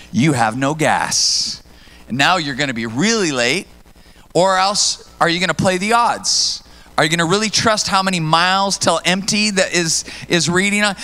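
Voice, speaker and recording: A middle-aged man preaching a sermon as a pastor, telling stories with animation and acting out his own lines loudly. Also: sits high. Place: church stage.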